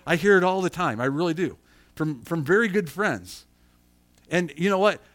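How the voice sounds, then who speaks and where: A middle-aged man preaching a sermon, animated, acting out quotes and asking his congregation questions. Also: on the high side, normal speed, dry recording. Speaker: pastor.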